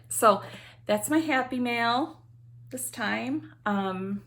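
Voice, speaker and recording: A woman's voice: medium pitch, lively intonation, unhurried. A middle-aged woman chatting casually to camera about her cross stitch hobby, rambling with many ums and asides.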